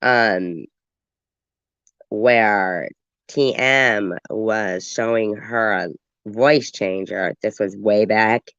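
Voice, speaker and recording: A man's voice: fairly low pitch, smooth, dry recording. A man chatting on a casual live stream, drawling with offhand asides. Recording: dull lo-fi dry audio.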